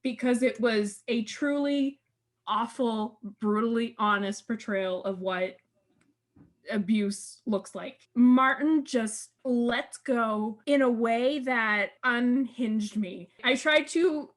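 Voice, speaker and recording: Woman cohost, kinda high voice, talks fast in bursts about a show, laughs a lot. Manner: emphatic, rushes through long lists, laughs. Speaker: podcast co-host. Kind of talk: casual fan discussion.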